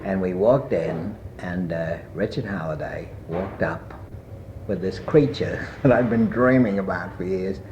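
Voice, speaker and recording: On muffled archival tape, an older man with a low, slightly mellow voice recalls his past in an oral history interview. He tells a long personal anecdote in a rambling way, full of pauses, frequent "uh"s, and asides. Slight background noise is present.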